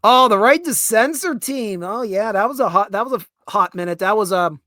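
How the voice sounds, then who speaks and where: A man's voice: sits high, moderate pace, no echo. Dry-mic young man ranting on a podcast. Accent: Pittsburgh. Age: young adult. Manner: animated ranting with laughs and restarts. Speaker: podcast host. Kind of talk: casual rant.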